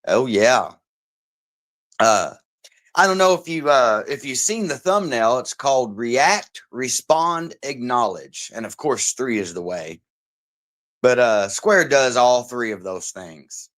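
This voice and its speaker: A man livestreaming commentary, mocking and profane, greeting chat viewers by name between halting, filler-heavy sentences. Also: medium pitch, lively intonation, fairly bright tone. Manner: halting, many fillers and restarts.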